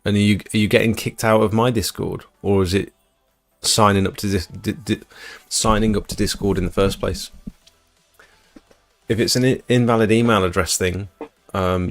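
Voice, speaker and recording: A British man with a low, gravelly voice chats casually through a live stream. He replies to viewers' questions in a relaxed, rambling way, and faint music plays under his voice. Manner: chatty, answers viewer chat. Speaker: livestream host.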